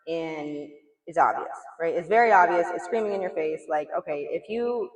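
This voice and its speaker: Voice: mid-range voice, lively intonation, normal speed. Echoey, blunt casual tarot reader. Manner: blunt, chatty, swears, lots of "like" and "you know". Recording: echoey room, mic far off.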